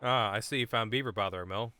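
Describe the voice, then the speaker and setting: A man live-streaming a video game, chatting with viewers in an excitable way, swearing and breaking into sudden loud outbursts. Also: lowish voice, quick pace, faint music behind. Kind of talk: live gameplay commentary.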